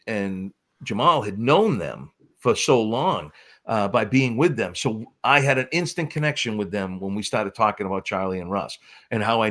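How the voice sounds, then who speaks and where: A man with a New England accent telling wrestling stories as a guest in casual chat, acting out quotes in voices. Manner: animated, acts out quotes with high-pitched voices. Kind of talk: casual storytelling.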